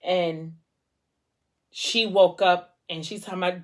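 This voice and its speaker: A woman's voice: lowish voice, fairly even intonation, takes it slowly, long pauses. A young woman chatting at home about a book series she loves, loose and slangy, full of fillers. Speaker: book vlogger. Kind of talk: casual book discussion.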